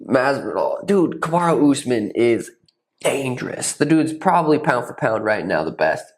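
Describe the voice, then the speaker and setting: A man in his twenties hosting a casual podcast chat, loose and profane, often slipping into animated impressions. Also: mid-range voice, normal speed, rough recording. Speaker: podcast host, fighter.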